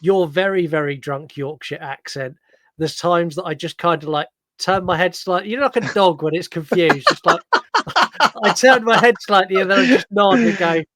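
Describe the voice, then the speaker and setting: A chatty young man hosting a podcast and joking with his guests, his voice a little high for a man. He talks casually with plenty of ums, and his voice sounds dry and close, with no room sound. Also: normal speed, a bit bright, no echo. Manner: chatty, jokey, many ums. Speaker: podcast host.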